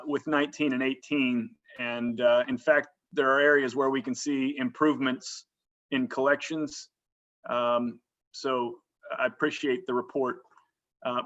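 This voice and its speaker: A man on a county board asking careful, measured questions in a public meeting, often restarting his sentences. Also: fairly high pitch, fairly bright tone. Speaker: county supervisor. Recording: dull lo-fi meeting audio.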